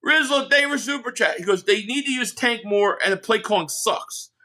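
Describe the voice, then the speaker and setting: A man's voice: extremely high pitch, animated, brisk, bright, forceful tone. A man hosting a live sports reaction stream, ranting heatedly and with lots of profanity while reading out viewer chats.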